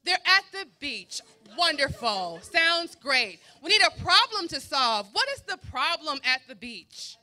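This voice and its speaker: Bright, lively high-voiced woman emcee. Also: a little slow, few pauses. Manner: upbeat, explains the rules and cues players in. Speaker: drama teacher hosting the show. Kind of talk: emceeing an improv showcase. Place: school theater stage with live audience.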